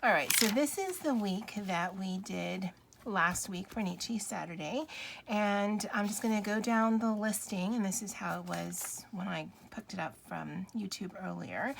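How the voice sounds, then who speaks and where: A woman's voice: medium pitch, gravelly, a little hiss or hum. A woman chatting casually to her viewers as a planner vlogger, giggly and self-deprecating. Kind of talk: casual chat to camera.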